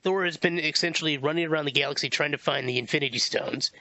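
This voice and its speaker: A man's voice: a little high, fast, bright, forceful tone, muffled recording. A man co-hosting a podcast, chatting casually about a film, rambling a bit and laughing often. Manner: rambling, stumbles over names, laughs often. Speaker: podcast co-host. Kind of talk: casual movie review chat.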